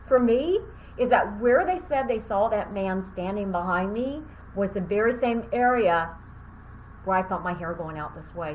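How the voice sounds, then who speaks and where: A woman's voice: medium pitch, a little hiss or hum, rough recording. A woman who teaches Reiki and hosts her own channel, telling a story casually to the camera with lots of fillers and thank-yous.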